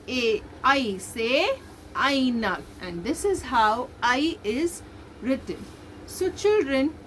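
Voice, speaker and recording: A woman teaching young children as a nursery teacher, slowly repeating letter sounds in a sing-song way. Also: sits high, a little hiss or hum. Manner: sing-song, slow drilled repetition of sounds. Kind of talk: recorded online lesson for young children.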